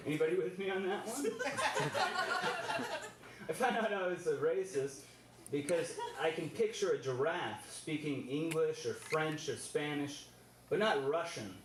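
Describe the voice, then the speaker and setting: Deadpan man doing stand-up in a club. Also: on the high side, unhurried, distant mic, background noise. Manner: deadpan absurd one-liners. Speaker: stand-up comedian. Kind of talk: stand-up comedy set. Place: comedy club stage. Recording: roomy live club recording with loud ambience.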